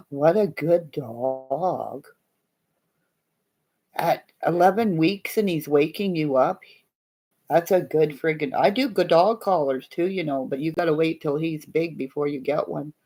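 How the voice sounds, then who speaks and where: A woman's voice: sits low, darkish tone. A middle-aged woman, chatting casually and rambling as she hosts a live stream for viewers, laughing often along the way. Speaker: livestream host.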